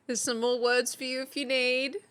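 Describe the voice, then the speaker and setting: A young live streamer with a high, clean-toned voice plays teacher in a playful mock class. The mood is casual and chatty, full of laughs and excited exclamations.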